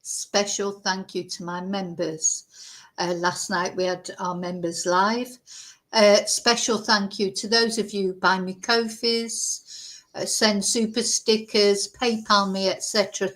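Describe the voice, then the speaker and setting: A woman's voice: mid-range voice, unhurried. Chatty woman hosting a vlog. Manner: rambling and animated, with many asides. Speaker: true crime channel host.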